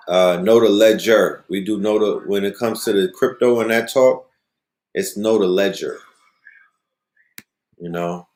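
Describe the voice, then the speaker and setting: A man's voice: lowish voice, a little mellow, roomy sound. A man hosting a casual monologue, telling stories loosely and often asking "you know what I mean". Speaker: host.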